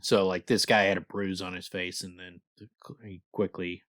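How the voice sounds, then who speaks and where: A man's voice: deep voice, little pitch movement, moderate pace, a bit bright, no room sound, studio quality. A man co-hosting a podcast, chatting casually about a book, rambling and swearing freely and reading passages aloud. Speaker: podcast co-host.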